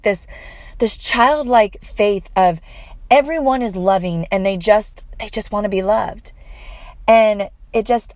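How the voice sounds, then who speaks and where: A woman's voice: on the high side, no echo. Woman, earnest personal storytelling, heartfelt, dry close sound. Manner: earnest, heartfelt, with many fillers and restarts.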